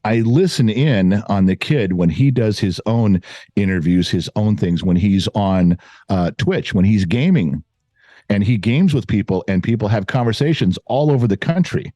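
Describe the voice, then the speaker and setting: A middle-aged man, speaking with a lively, swinging pitch and a dark, mellow tone. He makes his case emphatically, often repeating words for stress. The recording is dry, with no room echo. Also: normal speed. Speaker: guest commentator. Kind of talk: opinionated casual chat.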